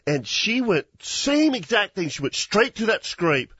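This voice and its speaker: A husky, slightly high-pitched man spins a lively hunting tale for his show. He laughs often and restarts his sentences. The sound is dry and a bit dull, like a lo-fi studio recording. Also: measured pace, no echo. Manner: animated storyteller, laughs often, many restarts. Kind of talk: casual storytelling chat.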